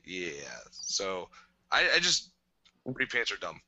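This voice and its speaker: A man co-hosting a podcast, ranting in an animated, casual way. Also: lowish voice, slow pace, no room sound, highs cut off. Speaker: podcast co-host. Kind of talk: casual chat.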